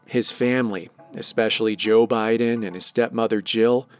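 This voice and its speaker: A man delivering scripted documentary narration in a measured, even way. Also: on the low side, clear, resonant tone, soft background music.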